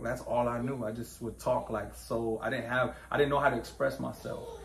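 Earnest, reflective man, mid-pitched voice. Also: very animated, moderate pace, gravelly, a bit bright. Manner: reflective, earnest, restarts his sentences. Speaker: guest. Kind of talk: casual conversation. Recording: echoey room with faint ambience.

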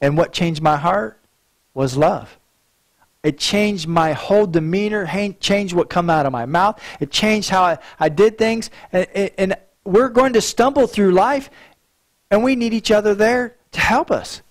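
High-voiced pastor preaching earnestly. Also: male voice, measured pace. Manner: earnest, repeats words when he stumbles. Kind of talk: sermon.

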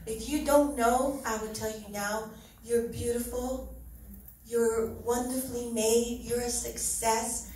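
A woman's voice: on the high side, steady tone, slow, darkish tone, slight background noise. A middle-aged woman giving an earnest, heartfelt church testimony, often laughing as she speaks. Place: church hall. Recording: very echoey hall, mic from far off.

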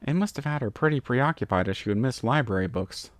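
A man voicing a terse, low-voiced stallion pony private detective with an Australian accent. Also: lively intonation, fast, no echo, lightly acted.

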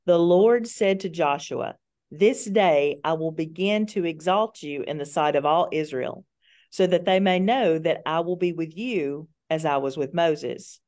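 A woman with a fairly low voice reads scripture aloud to a small church group. Her delivery is steady and careful, giving each verse its place. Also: a little slow. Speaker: scripture reader in Bible study.

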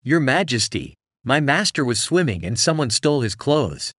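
Sly scheming storybook cat, read by a male narrator, lively, dry mic. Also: mid-range voice, normal speed, dry recording. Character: clever, cheeky talking cat in boots.

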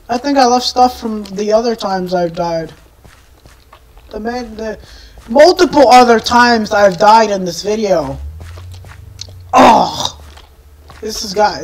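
A woman giving live gameplay commentary, exasperated, often yelling and screaming at enemies, with rambling self-mocking asides. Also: mid-range voice, takes it slowly, a little hiss or hum. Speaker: gameplay video creator.

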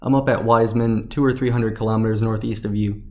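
A man's voice: fairly low pitch, fairly even intonation, quick pace, a little mellow, close to an everyday voice. A man reading the lines of a desperate male scientist in a story, with urgent, pleading talk.

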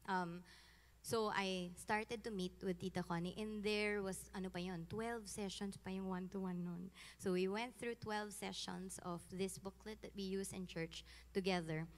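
Filipino woman, 30s, giving a testimony; lively and casual, reverberant hall. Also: mid-range voice, normal speed. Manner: animated, switching between English and Tagalog, laughing often. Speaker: guest giving a faith testimony. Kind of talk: personal testimony, casual storytelling.

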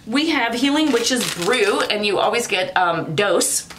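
Rambling chatty woman with lively pitch. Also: unhurried, a little hiss or hum. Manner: rambling, chatty, laughs often, swears casually. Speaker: vlogger. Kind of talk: casual unboxing chat.

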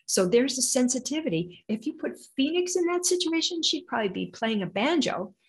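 An older woman, an intuitive healer being interviewed, telling stories with lively acted-out quotes. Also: high-pitched, brisk, low-quality recording. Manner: animated, acts out quoted voices. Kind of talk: storytelling interview answer.

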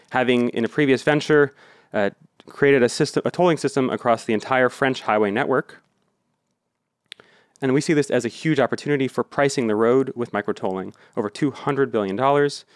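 An American man delivers a startup pitch at a steady, measured pace with a few ums. His voice is mid-pitched and recorded dry and close, with no room sound. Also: dry recording.

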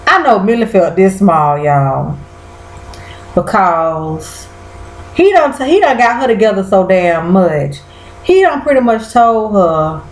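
A woman casually recapping a TV episode for her viewers. She talks at an unhurried, drawn-out pace, full of slangy asides and loud exclamations. Her voice sits at an ordinary middle pitch. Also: very animated, roomy sound, poor audio.

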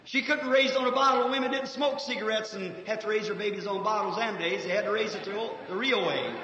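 High, bright-voiced preacher in an echoey hall. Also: male voice, a little fast. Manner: folksy, fervent, swings between soft asides and shouting. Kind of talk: revival sermon. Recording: 1950s archive recording, echoey hall, dull lo-fi, faint hiss.

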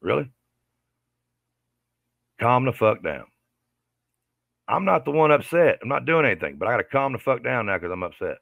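A man's voice: medium pitch, animated, fast talker, gravelly, hardly any pauses, no echo, narrow, tinny audio. A man giving an aggravated, profane commentary rant, repeating himself as he complains. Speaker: livestreamer.

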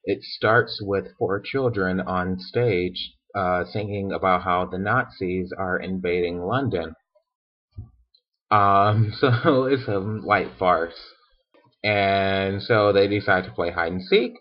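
A man's voice: sits low, slow. A tipsy man casually retelling a story with sarcastic, profane asides and giggles, in a hotel room. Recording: dull lo-fi recording.

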